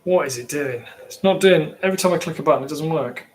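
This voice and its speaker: A man's voice: fairly high pitch, fast. A man from England with an English accent, rambling casually as he chats with viewers on his livestream. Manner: rambling, chatty, reacting to viewers. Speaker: livestream host.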